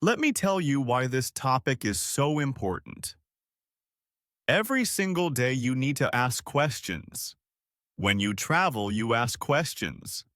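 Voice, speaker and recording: A man hosting an English lesson podcast, speaking slowly and clearly in a scripted, encouraging repeat-after-me style. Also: medium pitch, animated, fairly bright tone, no room sound, clean studio sound. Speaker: English teacher and podcast host.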